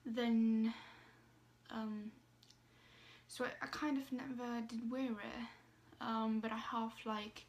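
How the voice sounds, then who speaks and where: Hesitant young woman, flat higher voice. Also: slow. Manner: hesitant, many fillers and restarts, soft asides. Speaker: vlogger. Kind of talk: casual personal storytelling.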